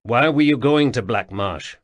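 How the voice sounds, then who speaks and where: A man's voice: mid-range voice, lively intonation, normal speed, close to an everyday voice. A man doing a brusque young spirit-seer. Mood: intense. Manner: urgent, commanding. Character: young male spirit-seer, intense, brusque then gentle.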